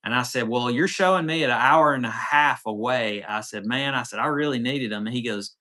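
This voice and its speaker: A man chats on a livestream, winding through a long story and acting out the back-and-forth of each conversation. His voice is bright and forceful, and his pitch sits in an ordinary middle range. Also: fairly quick, few pauses. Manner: rambling storyteller, acts out quoted dialogue. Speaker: off-road channel host. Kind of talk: casual livestream chat.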